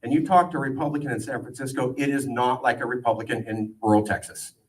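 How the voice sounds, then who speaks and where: A man's voice: mid-range voice, quick pace. Sarcastic Californian man, distant mic. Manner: animated, joking, sarcastic. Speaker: political campaigner speaking to a crowd. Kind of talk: informal political speech. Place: event gathering.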